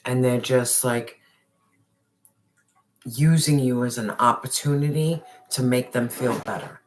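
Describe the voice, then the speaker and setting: In a mid-range voice that runs a little slow, a tarot reader hammers home a reading for a viewer with slangy talk and profanity. Some phrases drop to a whisper.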